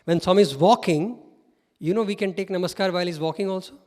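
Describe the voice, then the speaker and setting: A middle-aged man with an Indian English accent tells stories as a guest speaker. He speaks in a high-pitched, animated voice and laughs often. The sound carries a long reverb, as if from a hall. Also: fast. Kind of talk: storytelling talk.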